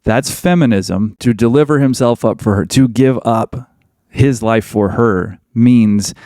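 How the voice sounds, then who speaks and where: A man's voice: medium pitch, a little mellow, no echo, clean studio sound. A man hosting a podcast, delivering a blunt, emphatic monologue that hammers points home through repetition. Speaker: podcast host.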